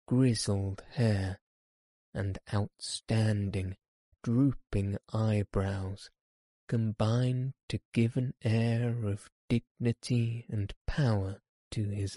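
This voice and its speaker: A man narrating a classic story in a slow, measured audiobook reading. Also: lowish voice, fairly even intonation, warm tone, no room sound, clean studio sound.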